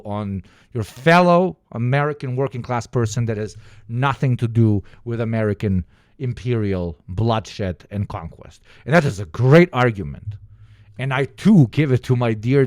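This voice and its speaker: A man streaming a profane, heated political rant, sweating and shouting at times. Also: medium pitch, no room sound, clean studio sound. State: sweating, flushed. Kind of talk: ranting political commentary.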